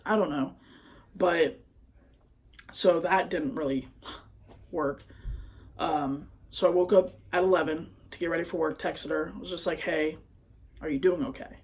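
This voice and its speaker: A man's voice: fairly high pitch, steady tone, moderate pace. A young man vlogging into his phone, telling a personal story in a hesitant, rambling way full of fillers. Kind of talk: confessional personal vlog.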